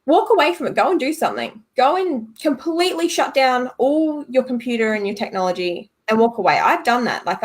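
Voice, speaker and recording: Lively high-voiced young woman, emphatic. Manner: emphatic, animated, acts out quoted thoughts. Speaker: guest, business owner. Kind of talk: motivational conversation.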